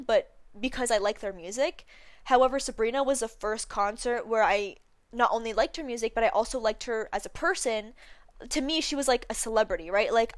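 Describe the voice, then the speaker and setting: Young woman podcast host, casual and chatty, bright-ish higher voice, dry close recording. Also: dry recording. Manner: chatty, lots of "like" fillers, upbeat storytelling. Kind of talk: casual chat.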